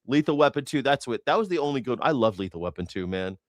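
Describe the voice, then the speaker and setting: A man in his forties from Los Angeles hosts a casual stream, rambling from topic to topic with sarcastic jokes. He speaks close to the microphone with a dry, dead sound. His pitch is average for a man. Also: lively intonation, fast, hardly any pauses, no room sound. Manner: rambling, sarcastic, jokey asides. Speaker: host of a news reaction stream. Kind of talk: casual livestream commentary.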